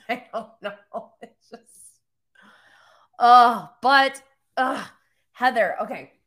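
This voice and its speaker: A woman's voice: on the high side, drawn-out words, fairly bright tone. A young woman hosting a casual talk show, chatty and full of fillers, laughing often as she talks. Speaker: podcast host recapping reality TV. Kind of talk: casual chat.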